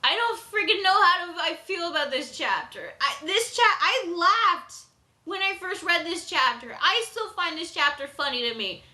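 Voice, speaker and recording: A woman reviewing a manga chapter in a casual vlog, excitable, laughing and swearing. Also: extremely high pitch, moderate pace. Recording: echoey room.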